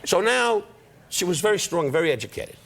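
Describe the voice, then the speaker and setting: An older man on a talk show as a guest comedian, needling his host with quick, brash put-downs. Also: high voice, very animated, vocal fry, fairly bright tone. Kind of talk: insult comedy banter. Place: television studio. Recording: studio audience laughter and noise.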